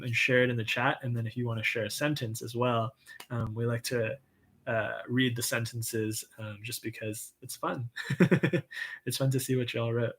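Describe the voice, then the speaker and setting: A man hosting a casual livestream, reading viewer comments with an upbeat, encouraging manner, lots of "um" and soft laughs. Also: mid-range voice. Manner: chatty and enthusiastic, frequent "um" and soft laughs; says "y'all", upbeat and encouraging. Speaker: livestream write-in host.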